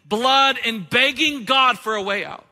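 A man's voice: very high voice, unhurried, sharp tone, long reverb tail. A man pastor giving a sermon in a conversational, joking way, with rhetorical questions to his listeners.

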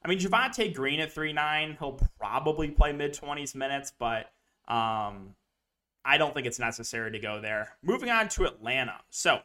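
A man's voice: medium pitch, animated, normal speed, pushed and bright. A young man hosting a fantasy sports show, talking casually and rambling through picks and a story with lots of fillers. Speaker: DFS analyst host. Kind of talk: casual sports betting podcast talk.

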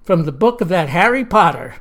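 A narrator voicing a gruff, folksy old male ghost who talks bluntly with a drawl. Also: sits high, very animated, a little fast, fairly bright tone. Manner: blunt, homespun.

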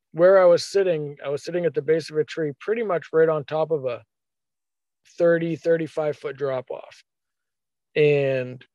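A man telling a hunting story in a casual, animated way, acting out his own thoughts as quotes. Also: fairly high pitch, dry recording, highs cut off.

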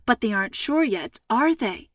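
A jittery middle-aged mother frets in a voice pushed up higher and louder than the reader's own. A woman reads her part in a storybook. The sound is dry and close. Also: animated, moderate pace, dry recording, close to an everyday voice. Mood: worried. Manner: worried, high-strung.

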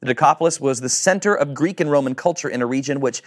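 A man preaching a sermon to a congregation, animated, acting out quoted voices and asking questions. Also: mid-range voice, fast talker. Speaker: pastor.

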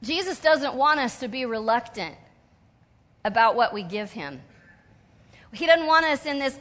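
A woman preaching a sermon in an animated way, acting out whiny voices and sobs now and then. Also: sits high, normal speed. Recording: long hall reverb.

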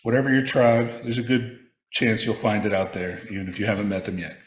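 A man's voice: on the low side, brisk. Man telling a wry story in an echoey room. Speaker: speaker sharing a personal reflection. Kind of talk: prepared personal reflection read aloud.

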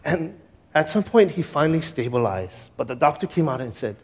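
A pastor telling a personal story in a sermon, earnest and conversational, with many fillers and restarts, dropping quiet and slow at heavy moments. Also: male voice, fairly high pitch, big pitch swings, slightly rough.

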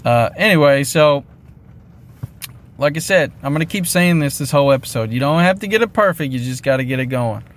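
A man's voice: fairly high pitch, expressive, a little fast. Rambling motivational podcast man. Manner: rambling, self-deprecating, repeats catchphrases. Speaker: podcast host. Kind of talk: casual motivational monologue.

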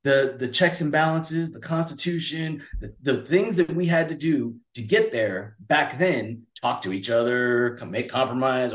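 Male co-host, 40s, rambling and animated, echoey room. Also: mid-range voice, measured pace, few pauses. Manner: animated, rambling, acts out voices. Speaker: podcast co-host. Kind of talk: casual political chat. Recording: roomy echo.

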